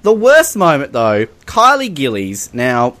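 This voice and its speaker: Animated man, lively pitch. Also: unhurried. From Australia. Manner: animated and giggly, often breaks into laughter. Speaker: podcast co-host. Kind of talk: casual comedic podcast chat.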